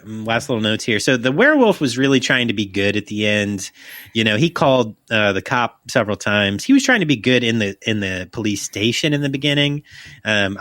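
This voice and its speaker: A man's voice: fairly low pitch, sharp tone, no echo, studio quality. A young man co-hosting a podcast, chatting loosely and profanely, joking and reading a plot summary aloud. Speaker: podcast co-host.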